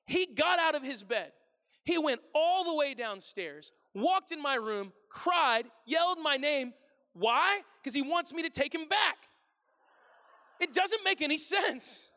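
A man in his thirties, a pastor telling funny stories about his family in a sermon, animated and self-deprecating, acting out his household's voices. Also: very high-pitched, measured pace, long reverb tail. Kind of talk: humorous sermon storytelling. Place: large church hall before a congregation.

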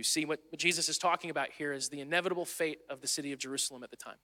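A man's voice: a little high, steady tone, very fast, few pauses, pushed and bright. A man preaching a sermon in an earnest, conversational way, sometimes restarting his phrases. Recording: long hall reverb.

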